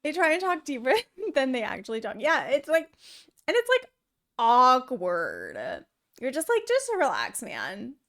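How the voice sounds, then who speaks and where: Young woman streaming a game, high girly valley-girl voice, giggly, voice bounces all over. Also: wildly swooping pitch, a little slow, sharp tone. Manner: giggly, chatty, says like a lot. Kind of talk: casual gameplay chat.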